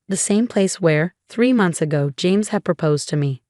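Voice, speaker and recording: A woman reading a scripted first-person story in an even, measured way. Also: lowish voice, dry recording, studio quality.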